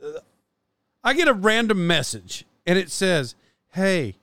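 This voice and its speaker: A man's voice: high voice, very animated, unhurried, bright, forceful tone, dry recording. A man in his forties hosting his podcast, chatting in a rambling, self-deprecating way with lots of fillers and restarts. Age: 40s. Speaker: podcast host. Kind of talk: casual rambling monologue.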